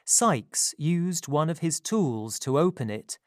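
A reader narrating a story in a slow, careful, scripted style. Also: mid-range voice, expressive, dry recording, clean studio sound.

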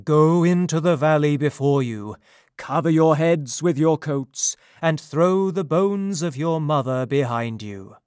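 A loud, commanding oracle voice, put on by a male narrator, calls out orders from a storybook. The delivery is slow and dry, with no room around it. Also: a little high, lively intonation, clean tone, no echo. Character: deep booming oracle voice, male.

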